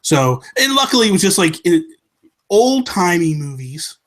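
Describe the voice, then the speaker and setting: A man co-hosting a casual podcast, telling a long story and acting out each person in it. His voice sits a little high, and it rises and falls as he plays the different characters. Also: moderate pace. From United States. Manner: animated storyteller, acts out the people in his story. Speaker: podcast co-host.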